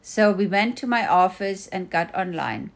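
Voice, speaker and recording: A woman's voice: medium pitch, expressive, measured pace, gravelly. A middle-aged woman reading her own first-person memoir with dry, wry storytelling. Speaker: mother narrating a personal story.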